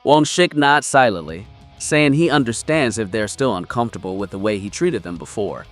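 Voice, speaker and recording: A man narrating a comic story recap in a steady, scripted storytelling delivery. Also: on the low side, moderate pace, faint music behind.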